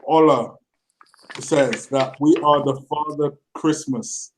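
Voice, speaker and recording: A man's voice: fairly high pitch, fairly even intonation, slow, slight background noise, low-quality recording. A man co-hosting a casual football chat, laid-back and teasing his friend. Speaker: co-host of a football channel.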